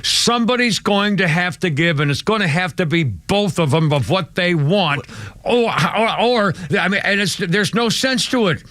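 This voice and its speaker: A man's voice: sits high, animated, moderate pace, a bit bright, dry recording. An older man from the United States hosting a radio talk show, opinionated and rambling with many restarts. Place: radio studio.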